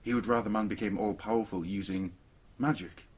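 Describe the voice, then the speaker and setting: A man's voice: lowish voice, fairly even intonation, fairly quick, breathy edge. A man co-hosting a podcast in casual chat, rambling and joking with plenty of fillers. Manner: rambling, jokey, lots of fillers. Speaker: podcast co-host.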